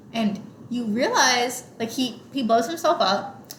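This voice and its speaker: Here a young woman co-hosts a podcast, her voice on the high side, a bit bright, with lively intonation and a moderate pace. She chats easily about a movie, retelling scenes with plenty of "like." Faint noise and a roomy sound fill the recording.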